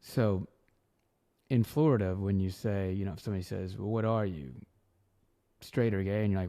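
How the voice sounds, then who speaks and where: A man in his forties tells his own story as a podcast host. His voice sits low with a gravelly edge and a lot of fry. He gets animated and loud when he acts out what other people said. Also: unhurried, long pauses, a little hiss or hum. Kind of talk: personal storytelling.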